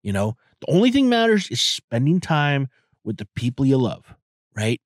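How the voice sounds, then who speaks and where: A man's voice: mid-range voice, sing-song, moderate pace, no echo, studio quality. A man in his forties hosting a podcast, rambling in a casual, profane monologue full of fillers. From outside the US. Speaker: podcast host.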